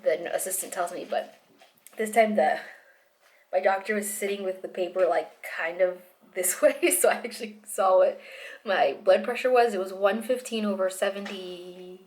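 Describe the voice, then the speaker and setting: A pregnant young woman chats through her video diary in a rambling, restless way, starting sentences over and laughing between thoughts. Her voice sits at a middle pitch for a woman. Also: moderate pace, a little mellow. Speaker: vlogger.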